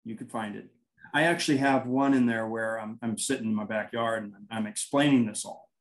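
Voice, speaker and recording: A man's voice: lowish voice, fairly even intonation, brisk, poor audio. A man, a paranormal investigator, telling anecdotes in a casual interview, rambling and acting out quoted dialogue.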